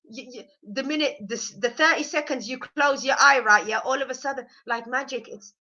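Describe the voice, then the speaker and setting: Chatty woman with a cold, bright voice. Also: high voice, dull audio. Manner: chatty, opinionated, quick to mock. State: has a cold. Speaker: reality TV reviewer. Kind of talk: casual review chat.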